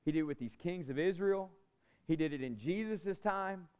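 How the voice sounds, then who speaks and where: A man delivers a sermon from the pulpit, his voice sitting high for a man. He presses hard on key lines, then sinks to a near-whisper. The recording is dull and lo-fi, with a muffled top end. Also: moderate pace, smooth. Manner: impassioned preaching, swinging from loud emphasis to soft near-whisper. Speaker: pastor.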